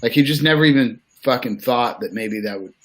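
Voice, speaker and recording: A man hosting a podcast, chatting bluntly and casually with frequent swearing and halting restarts. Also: medium pitch. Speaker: podcast host. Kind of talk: casual interview chat.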